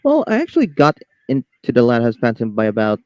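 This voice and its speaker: A man's voice: medium pitch, huge pitch swings, fast talker, lo-fi sound, heavy background noise. A man from the Philippines, a guest on a casual podcast, nervous and stammering, with frequent laughs.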